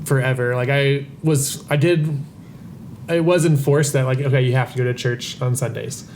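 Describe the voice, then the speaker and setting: Casting: male podcast guest, mid-pitch voice, thoughtful and self-correcting, faint hiss. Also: steady tone, moderate pace, a little mellow. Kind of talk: casual chat.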